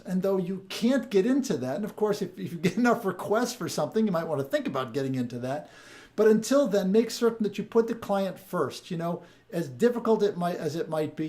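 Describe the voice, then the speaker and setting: A sales coach hosts a podcast of sales tips in a casual monologue, chatting away and often restarting or repeating his words. His voice is high and a little mellow.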